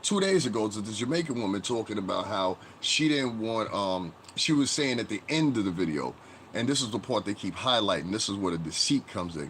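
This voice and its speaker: Brief: low-pitched male streamer, loose rambling commentary, faint hiss behind. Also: lively intonation, brisk, a bit bright. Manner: rambling, conversational, greets chat viewers mid-talk. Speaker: livestream commentary host. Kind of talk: casual live-stream commentary.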